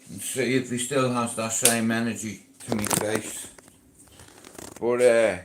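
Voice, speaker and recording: Slow-talking sweary Irish man, echoey. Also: on the high side, bright, forceful tone, a little hiss or hum. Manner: blunt, sweary, boastful, slangy. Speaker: live streamer. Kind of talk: rambling casual live-stream chat.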